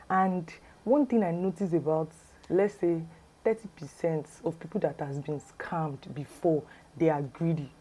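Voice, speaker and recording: A woman's voice: deep voice, mellow, slightly rough, poor audio. A woman with a Yoruba accent telling a chatty storytime for her vlog, full of "ah" and "like". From Nigeria. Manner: chatty, exclamatory, lots of "ah" and "like". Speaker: lifestyle vlogger. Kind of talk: casual storytime.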